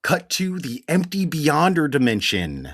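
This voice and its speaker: A man with a Philadelphia accent co-hosting a podcast, recapping comics in a wry, deadpan way and explaining things through sports metaphors. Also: on the high side, measured pace, dry recording, studio quality. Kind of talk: casual chat recap.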